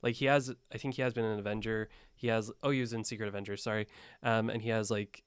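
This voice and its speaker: A man chatting casually as a podcast co-host, relaxed and often laughing, with hesitant restarts. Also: fairly low pitch, fast, clear, resonant tone, no room sound, studio quality. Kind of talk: casual chat.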